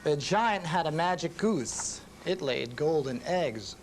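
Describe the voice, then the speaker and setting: Male music teacher reading a children's rhyme, slow, very lively pitch. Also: poor audio. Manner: sing-song rhyming, slow. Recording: reading with instruments playing.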